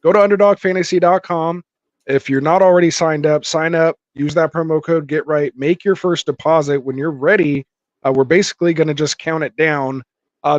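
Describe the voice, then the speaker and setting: A man's voice: on the high side, no echo. A man hosting a live fantasy football stream, chatting casually with viewers and reading their comments aloud with lots of fillers. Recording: dull dry lo-fi mic.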